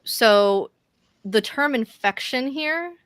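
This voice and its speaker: A woman's voice: fairly high pitch, lively intonation, slow pace, fairly bright tone, smooth, no room sound. A young woman narrating as game master of a tabletop game, loose and chatty with fillers. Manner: laughs often, thinks aloud with fillers.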